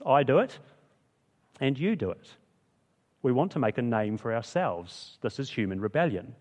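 A man's voice: medium pitch, in a large hall. A man preaching a sermon in a chatty, conversational way, often asking the listeners rhetorical questions. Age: adult with school-age kids.

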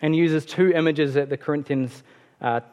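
A man preaching a sermon in a relaxed, conversational way, with fillers and self-corrections. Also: fairly high pitch, moderate pace. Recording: long hall reverb.

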